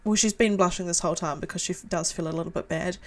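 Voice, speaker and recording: A woman player narrating her character's actions quickly and animatedly in a tabletop game. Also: on the low side, fairly even intonation.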